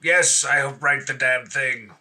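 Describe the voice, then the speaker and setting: A man's voice: mid-range voice, takes it slowly, pushed and bright, far from the mic, pitched above the performer's own voice. A man doing a pompous, blustering mage official. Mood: indignant. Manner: indignant, blustering.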